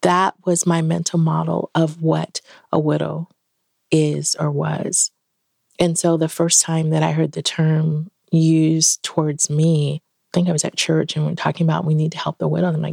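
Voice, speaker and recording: A woman's voice: deep voice, moderate pace, vocal fry, no echo, studio quality. A middle-aged woman, a podcast guest, telling a personal story in an interview and acting out the dialogue in it. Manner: animated, acts out quoted dialogue.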